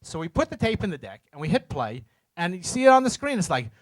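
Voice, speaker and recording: A man's voice: high-pitched, fast. A middle-aged man speaking to a live audience, telling a story with jokes at his own expense and acting out the voices and sounds in it. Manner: animated, acts out voices and sounds in his stories; self-mocking, jokes with the audience.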